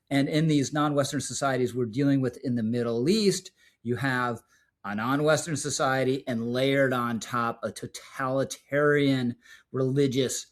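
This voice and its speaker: Male commentator, scripted video essay, measured, slows for emphasis, mid-pitched voice. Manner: measured, emphatic delivery, slows for key words. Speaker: political commentator.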